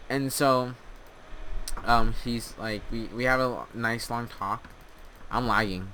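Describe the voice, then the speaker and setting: Young man, casual rambling storyteller, bright tone, home headset mic with faint noise. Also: mid-range voice, steady tone. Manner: rambling, halting, many restarts. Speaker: storyteller and gamer.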